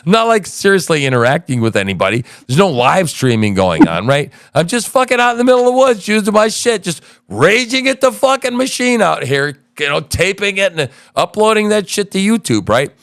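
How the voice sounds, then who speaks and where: A man's voice: high voice, big pitch swings, a little fast, hardly any pauses, fairly bright tone, no echo, studio quality. A man hosting a podcast from his home in the woods, telling a rambling, profane story in casual chat. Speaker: podcast host.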